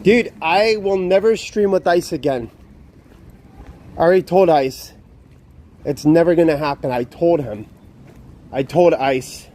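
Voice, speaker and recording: A man's voice: on the high side, a little slow, pauses often, warm tone. A young man live streaming outdoors, ranting in a profane, exasperated, repetitive way. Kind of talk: casual live stream talk.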